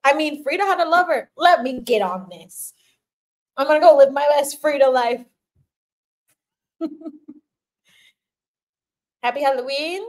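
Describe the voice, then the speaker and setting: An older woman signs off a casual livestream with a slightly high voice. She is playful and giggly, laughing often as she chats with her viewers as their spiritual teacher. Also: lively intonation, a little slow, long pauses.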